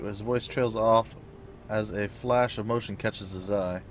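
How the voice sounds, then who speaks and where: A man's voice: lowish voice, fairly even intonation, a little slow, faint music behind. Man reading game text aloud. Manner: reads narration aloud, with casual asides and small slips. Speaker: let's play host.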